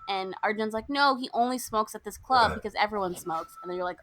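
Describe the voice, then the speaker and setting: A young American woman co-hosting a podcast, retelling a movie's plot in a lively, indignant way. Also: medium pitch, brisk, hardly any pauses, a little hiss or hum. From United States. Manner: animated, indignant storytelling with quoted lines. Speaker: podcast co-host. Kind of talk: casual movie recap chat.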